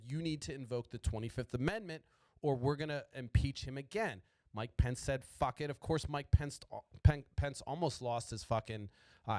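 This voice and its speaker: A man rants about politics with a lot of swearing, stumbling and restarting his sentences as he goes. His voice sits in an ordinary middle pitch. The sound is close and dry, with no room around it. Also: no echo. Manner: stuttering, profane, rambling. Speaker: podcast host. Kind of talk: profane political rant.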